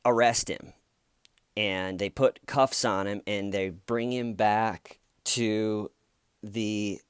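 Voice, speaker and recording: A man's voice: on the low side, steady tone, takes it slowly, clean tone, no echo, clean studio sound. A man telling a story in a casual, rambling way, often restarting and correcting himself. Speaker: channel host.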